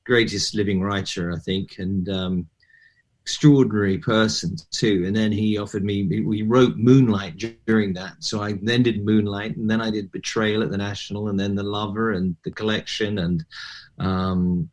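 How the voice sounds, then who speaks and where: Low-voiced man telling lively stories. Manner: animated storyteller, quotes people in lively voices. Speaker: guest actor. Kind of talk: conversational interview.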